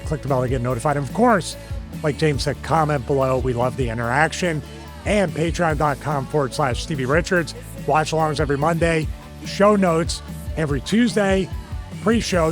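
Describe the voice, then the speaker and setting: Higher-voiced jokey Philly man. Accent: Philadelphia. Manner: jokey, rambling, self-mocking. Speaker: podcast host. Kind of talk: casual podcast chat.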